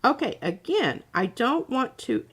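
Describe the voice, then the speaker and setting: A slightly high, sing-song voice, a bit bright and slightly rough, belongs to a woman demonstrating her craft on a livestream. She chats casually, pausing and trailing off mid-sentence as she thinks aloud while working.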